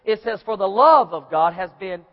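A man preaching a sermon, dramatic and acting out voices, rising to shouts. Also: sits high, expressive, moderate pace. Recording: muffled, hall reverb.

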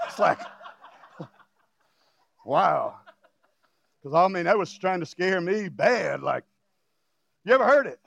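High-voiced, gravelly preacher man. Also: lively intonation, slow pace, long pauses. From Louisiana. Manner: emphatic preaching, bursts of shouting, jokey asides and chuckles. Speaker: pastor. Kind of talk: sermon.

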